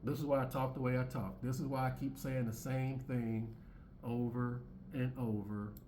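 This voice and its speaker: Male channel host, blunt profane monologue, keeps restarting and repeating himself, mid-pitched voice. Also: little pitch movement, moderate pace, warm tone, a little hiss or hum. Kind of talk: opinionated monologue over clips.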